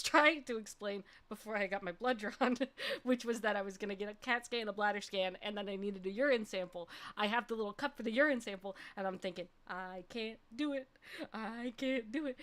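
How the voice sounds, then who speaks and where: A woman's voice: a little high, pushed and bright, clean tone. A young adult woman streamer telling a personal story in casual chat, laughing often and ending points with "okay?". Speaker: vtuber streamer.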